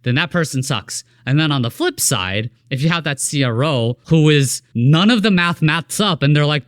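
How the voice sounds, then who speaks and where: A man's voice: a little high, lively intonation, normal speed, few pauses, clear, resonant tone, no room sound, studio quality. A man co-hosting a podcast, talking casually and with energy, swearing now and then and acting out quoted coworkers. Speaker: podcast co-host. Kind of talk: casual conversation.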